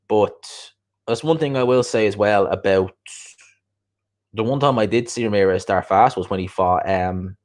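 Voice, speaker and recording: A man chatting casually as a boxing show host, opinionated and repeating his points for emphasis. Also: low voice. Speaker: boxing show host reading viewer comments. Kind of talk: casual livestream chat.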